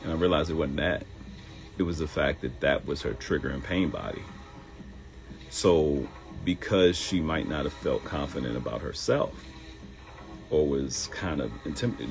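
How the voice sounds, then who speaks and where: A middle-aged man, a comedian hosting his own live show, telling stories in an animated, joking way. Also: extremely low pitch, normal speed, poor audio.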